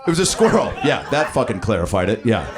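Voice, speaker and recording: Animated profane comedian in his thirties. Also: lowish voice, quick pace. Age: 30s. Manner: riffing, profane, animated storytelling. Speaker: stand-up comedian. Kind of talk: improvised stand-up. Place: comedy club stage. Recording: live club with crowd laughter. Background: audience laughter.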